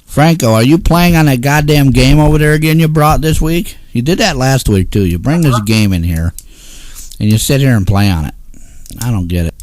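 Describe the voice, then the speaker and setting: A man's voice: medium pitch, normal speed, a little mellow, a little hiss or hum. A man hosting a casual talk show, ranting in an exasperated, grumpy way and swearing often. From Northeastern United States. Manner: grumpy, cursing, exasperated rants. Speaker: host.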